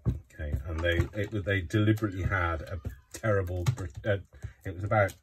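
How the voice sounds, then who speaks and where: Deep-voiced, rambling man. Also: steady tone, fairly quick, very noisy. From Coventry, England. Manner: rambling, chatty, many fillers. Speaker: craft vlogger. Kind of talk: casual chat while crafting.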